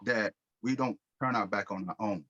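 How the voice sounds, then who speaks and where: A middle-aged American man telling his life story in a podcast interview, lively, with casual slang and acted-out quotes. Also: on the low side, normal speed, no echo, muffled recording. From United States. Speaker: guest speaker.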